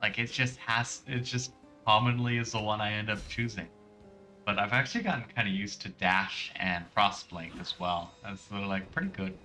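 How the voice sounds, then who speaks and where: A man streams his gameplay in a rambling, casual way, filling his talk with "like" as he drifts between tangents. His voice is on the low side but bright and forceful. Faint music plays behind him. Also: moderate pace. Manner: rambling and tangent-prone, heavy use of "like".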